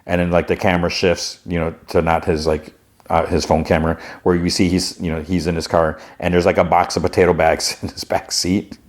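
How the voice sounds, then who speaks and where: A man hosting a podcast, casually recapping a TV episode in a loose, rambling way and putting on higher voices when he quotes characters. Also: little pitch movement, a little fast. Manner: slips into raised-pitch voices for quoted characters; loose, rambling, restarts often.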